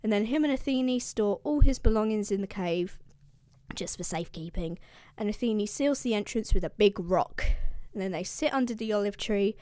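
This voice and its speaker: A woman's voice: medium pitch, expressive, normal speed, warm tone, no echo. A young woman who hosts a show explaining the classics, retelling an epic in a casual, irreverent, slangy way.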